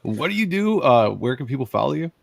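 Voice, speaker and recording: A man's voice: mid-range voice, big pitch swings, fairly quick, vocal fry, no echo. A man hosting a casual livestream panel, joking loosely as he welcomes each guest by name. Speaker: host.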